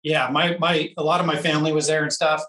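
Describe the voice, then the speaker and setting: A man telling a long personal story in a casual interview, animated and laughing often. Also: fairly high pitch, quick pace, echoey room, recorded from a distance, low-quality recording. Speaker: interview guest, off-road racer.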